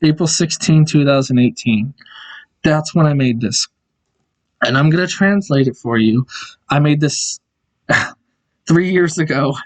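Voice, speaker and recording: A man's voice: fairly high pitch, measured pace, long pauses. A young man casually walking through his old school projects on screen, rambling and correcting himself, with chuckling asides. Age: young adult. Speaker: video creator. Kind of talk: casual screen-share walkthrough.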